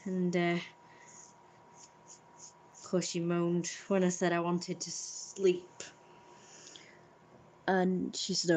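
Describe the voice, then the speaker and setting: A woman's voice: on the low side, completely flat delivery, extremely slow, pauses often, darkish tone, slight background noise, low-quality recording. A British woman, exhausted and burnt out, chatting wearily at home during a live stream and swearing casually. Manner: weary, subdued, swears casually.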